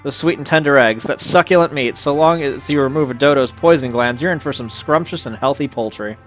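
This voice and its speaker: A man's voice: mid-range voice, a little fast, fairly bright tone, faint music behind, natural voice. A man reading a fussy pun-loving sheep farmer. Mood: enthusiastic. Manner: punning, a little theatrical. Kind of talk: reading game dialogue aloud.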